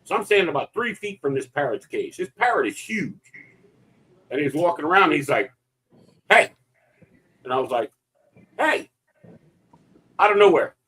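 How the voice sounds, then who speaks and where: A man co-hosting a casual cruise chat, telling animated stories and swearing freely. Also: fairly high pitch, a little fast, long pauses, husky, poor audio. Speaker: podcast co-host.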